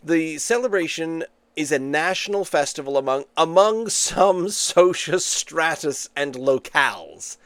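A man hosts a casual podcast, his voice fairly high and swinging widely in pitch. He chats freely and reads facts he finds online aloud. The sound is dry and close. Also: animated, a little slow, fairly bright tone, smooth, no echo. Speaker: podcast host. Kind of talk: casual chat.

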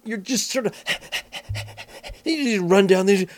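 A middle-aged man from Canada co-hosting a casual beer-tasting chat, animated and self-deprecating, with vivid comparisons. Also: high-pitched, slow, long pauses, no echo. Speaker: podcast co-host reviewing beers.

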